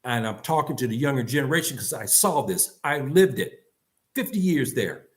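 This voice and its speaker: An older man with a medium-pitched voice and lively intonation addresses his community at a normal speed in an impassioned monologue. He's blunt and scolding, emphatic and repetitive, firing off one rhetorical question after another.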